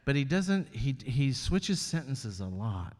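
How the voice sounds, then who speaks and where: A male comedian as guest in a live on-stage conversation, talking candidly and wryly, often halting and restarting. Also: mid-range voice, very animated, darkish tone, big-room sound. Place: stage at an arts venue before an audience.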